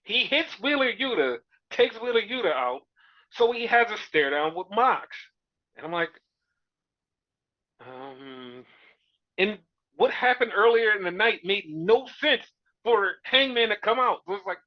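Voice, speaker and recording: A man co-hosting a casual wrestling review chat, telling events in an animated, profane, exasperated way. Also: high voice, moderate pace. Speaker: podcast co-host. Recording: dull lo-fi recording.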